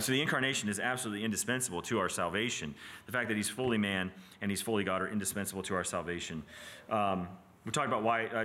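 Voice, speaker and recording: A man teaching a Bible study class in a casual, animated way, often asking "right?" and restarting his sentences. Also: on the low side.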